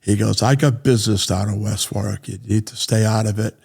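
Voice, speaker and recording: A man telling a story in a blunt, profane, animated way as an interview guest. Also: fairly low pitch, moderate pace, gravelly, husky. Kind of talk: casual storytelling.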